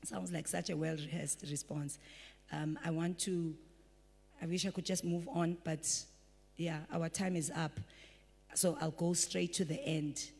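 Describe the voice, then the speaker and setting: Breathy woman preaching in a hall. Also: low-pitched, a little slow. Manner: animated preaching, acting out quoted voices. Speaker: pastor. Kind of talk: sermon. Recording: breathy voice in a large reverberant hall.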